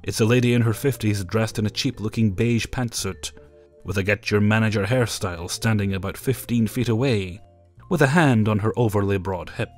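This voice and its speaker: A man's voice: lowish voice, moderate pace, soft background music. A man narrating personal stories in a wry, matter-of-fact way. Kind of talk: storytelling narration.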